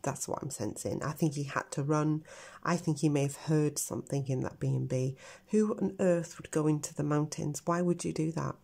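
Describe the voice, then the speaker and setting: A woman's voice: sits low, fairly even intonation, normal speed, gravelly, warm tone, slightly rough. A middle-aged woman giving a tarot reading to her viewers, talking earnestly and speculating about what she senses. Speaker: tarot reader.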